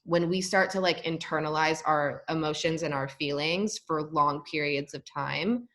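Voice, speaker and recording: A young woman with a notably low-pitched voice talks through her time as a college volleyball player. She speaks candidly and casually, scattering "like" through her sentences. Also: moderate pace, fairly bright tone. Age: young adult. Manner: candid, frequent "like" fillers. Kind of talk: casual interview talk.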